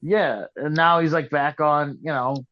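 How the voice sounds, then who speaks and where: A man's voice: fairly high pitch, measured pace, a little hiss or hum. Rambling man on muffled podcast audio. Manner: rambling, restarts often, skeptical. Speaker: podcast co-host. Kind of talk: casual wrestling chat.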